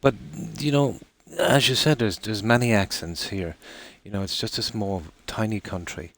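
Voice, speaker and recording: An Irish man streaming a game live, chatting casually in a rambling way with many pauses and restarts. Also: lowish voice, a bit bright. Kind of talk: casual live-stream chat while gaming.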